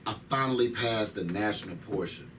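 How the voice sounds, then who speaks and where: Guest: man, thirties, very low voice, emphatic slangy storyteller, heard from a distance with faint background noise. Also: brisk, a bit bright. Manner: emphatic, slangy, repeats phrases. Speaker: interview guest. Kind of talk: casual storytelling.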